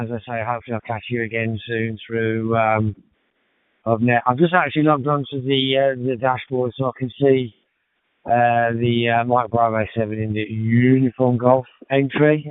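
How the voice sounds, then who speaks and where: A man's voice: mid-range voice, normal speed, smooth, no echo. Birmingham man over tinny ham radio. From England. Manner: relaxed, rambling with many fillers. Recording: tinny radio transmission, dry.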